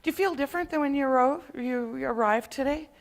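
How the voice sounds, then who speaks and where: In a high voice, a woman instructor takes a live conference group through laughter yoga, chanting and calling out to them. She is playful and laughs easily throughout.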